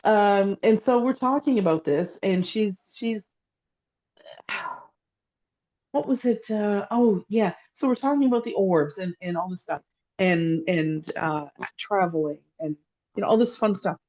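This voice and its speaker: A woman's voice: on the low side, a little slow, darkish tone, highs cut off. Woman telling a rambling story. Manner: rambling, emotional storytelling with many restarts. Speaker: psychic, podcast co-host. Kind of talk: casual storytelling chat. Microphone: remote call microphone.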